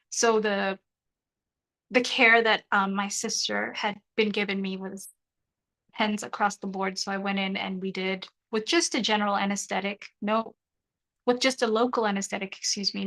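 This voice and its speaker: Bright, animated woman streaming. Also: mid-range voice, moderate pace, low-quality recording. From South Africa. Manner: animated, joking, reads chat aloud. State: half her mouth numb after dental surgery. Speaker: YouTuber hosting a live stream. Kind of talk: casual live-stream chat.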